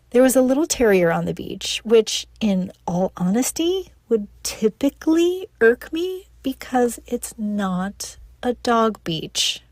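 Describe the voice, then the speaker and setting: A woman's voice: on the high side, darkish tone, no echo. Chatty, laughing middle-aged woman. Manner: chatty, playful, quick to laugh. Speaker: newsletter author and speaker. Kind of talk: reading a personal newsletter aloud.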